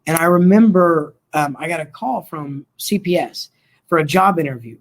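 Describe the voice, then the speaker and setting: Relaxed storytelling man, fairly high voice. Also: moderate pace. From Colorado and Oklahoma. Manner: relaxed, rambling, acts out quoted dialogue. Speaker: interview guest, mental health worker. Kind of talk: casual storytelling interview.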